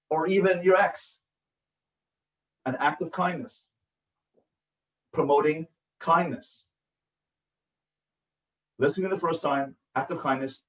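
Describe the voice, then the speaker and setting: A man, a rabbi, giving a parenting lecture in an emphatic, repetitive way that keeps checking in with his listeners. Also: mid-range voice. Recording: echoey room, voice from a distance.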